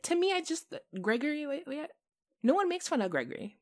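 A woman podcast host in casual chat, telling stories in an animated way and laughing often. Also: high voice, a little fast.

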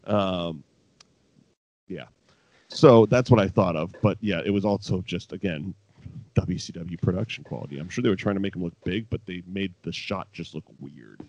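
A man's voice: low-pitched, normal speed, a little mellow, no echo. A man co-hosting a podcast, chatting casually about old wrestling and rambling with profanity and laughing asides. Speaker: podcast co-host. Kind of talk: casual wrestling recap chat. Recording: dull lo-fi dry sound.

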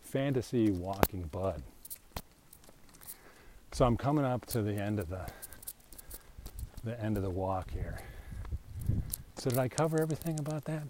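A man's voice: lowish voice, expressive, a little slow, pauses often, background noise. A middle-aged man chatting casually and opinionatedly while out on a walk, speaking into a handheld mic. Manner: opinionated, rambling, frequent laughs. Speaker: vlogger. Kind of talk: casual rant while walking. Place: outdoors on a walk.

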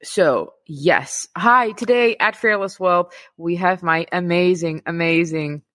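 A woman's voice: lowish voice, slow, fairly bright tone, no room sound. A woman hosting a podcast in a blunt, chatty way, laughing often. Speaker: podcast host. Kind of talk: casual podcast chat.

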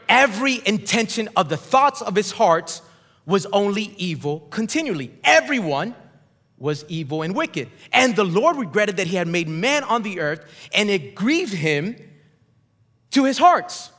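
A man preaching a sermon in a high, ringing voice, with a long reverb trailing off every phrase. He leads the congregation in call-and-response and swings from shouted declarations down to near-whispered drops. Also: sing-song, moderate pace. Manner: emphatic, swings between shouts and hushed drops. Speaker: pastor. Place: church sanctuary.

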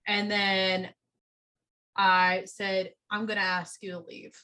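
A woman telling a story in casual chat, relaxed and matter-of-fact. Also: medium pitch, slow.

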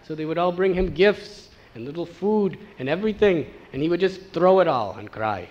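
A man giving a devotional storytelling sermon, animated and acting out the voices of the people in his tale. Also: fairly high pitch, moderate pace, dull audio. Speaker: spiritual teacher.

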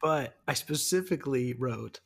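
A man's voice: medium pitch, normal speed, gravelly. A man co-hosting a podcast, chatting casually and retelling scenes with lots of fillers. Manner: relaxed, filler-heavy storytelling. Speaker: podcast co-host. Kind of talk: casual chat.

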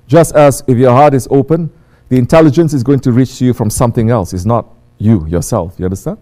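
A man giving a sermon as a religious teacher, acting out quoted voices and swinging between hushed and loud delivery. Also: mid-range voice, a little fast.

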